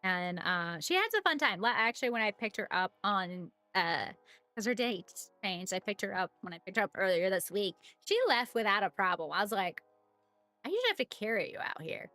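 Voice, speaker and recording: A woman's voice: mid-range voice, lively intonation, moderate pace, bright, forceful tone, no room sound, soft background music. A woman chatting casually on a live stream as she paints miniatures, greeting viewers by name and laughing often.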